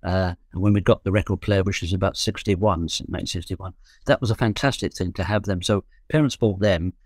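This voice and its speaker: A man's voice: low-pitched, fairly quick, darkish tone, no room sound, studio quality. Older man telling rambling stories. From London. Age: 70s. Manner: rambling, self-correcting, joking. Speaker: guest musician. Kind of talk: relaxed storytelling.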